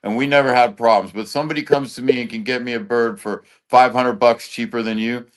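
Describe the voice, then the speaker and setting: A man's voice: medium pitch, steady tone, brisk. A man being interviewed as a guest, talking in blunt, loose street slang full of swearing. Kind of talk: casual chat.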